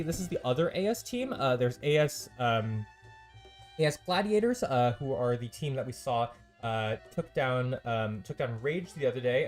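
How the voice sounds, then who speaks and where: Chatty male esports caster, filler-heavy. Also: mid-range voice. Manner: loose and chatty, lots of ums and uhs, dry sarcastic asides. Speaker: esports caster and stream host. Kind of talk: solo live game commentary.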